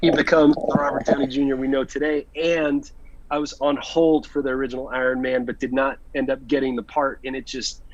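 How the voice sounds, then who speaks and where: A man, an actor interviewed as a guest, telling an animated anecdote with many restarts and voiced quotes. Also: medium pitch, fairly quick, muffled recording, over a noisy crowd. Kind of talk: casual storytelling in an interview.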